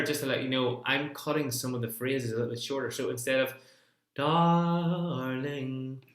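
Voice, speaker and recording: A man's voice: mid-range voice, fairly bright tone, roomy sound. A man giving a folk singing lesson, chatting through the choices he makes and singing the phrases to show them. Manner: chatty explanations between sung demonstrations. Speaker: singing teacher.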